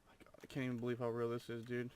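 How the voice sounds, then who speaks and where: A man's voice: mid-range voice, completely flat delivery, racing, darkish tone, a little hiss or hum. A young man commentating his own gameplay, full of over-the-top amazement and swearing. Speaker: gamer.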